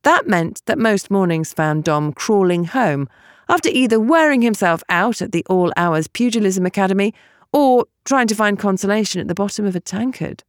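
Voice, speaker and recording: A woman narrating a novel as an audiobook, with expressive storytelling. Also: medium pitch, normal speed, dry recording, clean studio sound.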